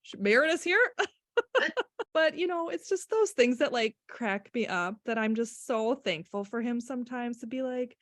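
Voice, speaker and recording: A woman's voice: a little high, a little slow, no echo, clean studio sound. A middle-aged woman, a speech-language pathologist, chatting as a podcast guest and acting out quotes as she tells stories. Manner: animated storyteller, acts out quotes with laughter. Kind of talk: casual podcast chat.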